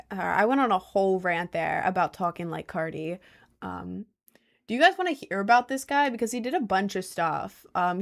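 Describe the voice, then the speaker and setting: A woman's voice: medium pitch, vocal fry. A young woman in her late teens chatting casually to viewers, rambling with lots of fillers and wearing headphones with a mic. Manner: chatty, many "like" fillers, laughs at herself.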